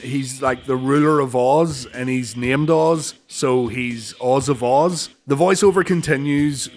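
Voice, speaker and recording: A man's voice: mid-range voice, fairly even intonation, unhurried, faint music behind. A man giving scripted, sarcastic narration about wrestling history, swearing freely as he goes.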